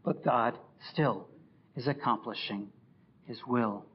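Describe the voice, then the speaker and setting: A man preaching a sermon as pastor, rising loud for scripture and dropping low and soft for reflection. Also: takes it slowly, breathy edge, highs cut off.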